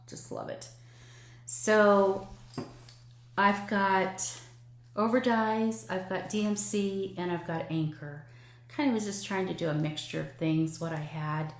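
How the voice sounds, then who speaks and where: An older woman with a slightly low voice talks casually at home about her stitching, gushing and filling pauses with ums. The room is echoey, and a faint hiss sits under her voice. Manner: chatty and gushing, many ums. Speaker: cross-stitch vlogger. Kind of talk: casual show-and-tell chat.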